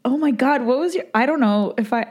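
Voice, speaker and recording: A woman's voice: high voice, a little fast, darkish tone. A woman guesting on a podcast, chatting and laughing along, supportive and open about her own stories. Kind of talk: casual podcast chat.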